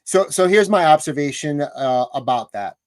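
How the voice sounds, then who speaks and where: A man co-hosting a casual sports talk livestream, giving deliberate, analytical takes. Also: a little high, expressive, dry recording. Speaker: podcast co-host.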